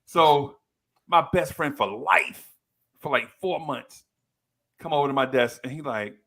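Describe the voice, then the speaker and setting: A man in his fifties, co-hosting a podcast, telling a story with lively energy and acting out the people in it. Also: fairly high pitch, unhurried, gravelly, pauses often. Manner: animated storyteller, acts out quoted people in a raised voice. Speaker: podcast co-host. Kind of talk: casual chat.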